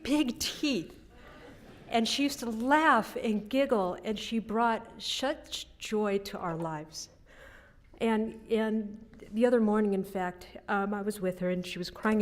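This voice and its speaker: Brief: middle-aged woman, eulogy for her sister, anecdotal, gentle laughs, mid pitch. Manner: anecdotal storytelling with soft laughs. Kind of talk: funeral eulogy.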